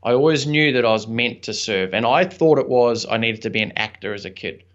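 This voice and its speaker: A young man speaking as an interview guest, recounting a personal story with an earnest, reflective tone and a casual, filler-sprinkled delivery. His voice sits at a middling pitch for a man. The audio is slightly dull and lo-fi. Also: brisk. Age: young adult. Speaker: podcast guest, entrepreneur and author.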